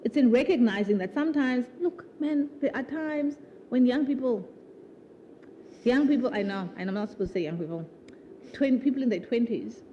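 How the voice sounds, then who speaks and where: Recorded with lo-fi sound and a little hiss or hum, a woman author chats animatedly before a live festival audience at her own book launch. Her voice runs high and expressive at a normal speed, and she laughs frequently, restarting sentences by repeating words in this conversational talk.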